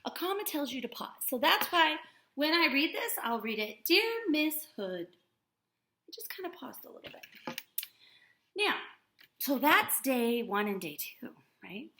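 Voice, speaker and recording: A woman teacher speaks in a slow, sing-song voice, stretching out the sounds of words for young children. Her voice is high and swoops up and down a lot. The room around her sounds echoey. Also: bright, forceful tone. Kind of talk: remote writing lesson for young children.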